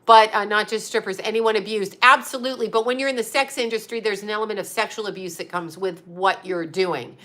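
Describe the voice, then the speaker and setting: A woman's voice: on the high side, sharp tone. Blunt, swearing woman in her fifties. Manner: blunt, profane, laughs often. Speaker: psychic medium and astrologer host. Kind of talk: casual livestream chat reading viewer comments.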